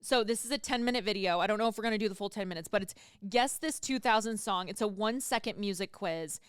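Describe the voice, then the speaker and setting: A woman's voice: medium pitch, fast talker, clear, resonant tone, dry recording, clean studio sound. A woman hosting a podcast, chatting casually and candidly and swearing freely. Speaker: podcast host. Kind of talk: casual chat.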